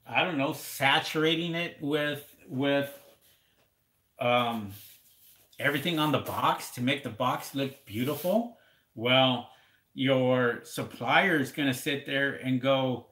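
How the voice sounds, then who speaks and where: Guy doing a live q&a, rambles and repeats himself a lot, kinda sharp tone, echoey room. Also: on the high side, measured pace. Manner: rambling, repeats words, talks to viewers as guys. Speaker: livestream host answering seller questions. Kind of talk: casual live Q&A.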